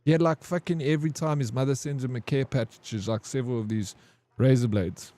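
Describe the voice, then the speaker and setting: A man's voice: medium pitch, steady tone, brisk, warm tone. A man streaming a game, telling a long, rambling anecdote with plenty of swearing and "bro". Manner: rambling, profane, says "bro" a lot. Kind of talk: casual storytelling over gameplay.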